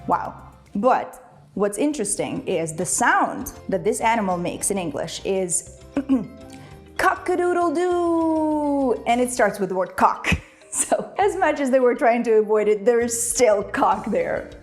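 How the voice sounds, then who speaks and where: A woman's voice: medium pitch, animated, normal speed, faint music behind. A young woman whose first language is Ukrainian, teaching English in a playful, chatty video lesson and laughing often. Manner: playful, laughs often, imitates animal sounds.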